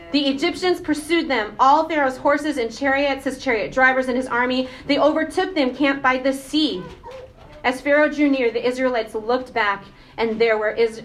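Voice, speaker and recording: A woman giving a casual, animated sermon, often asking the congregation questions. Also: high-pitched, normal speed. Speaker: preacher.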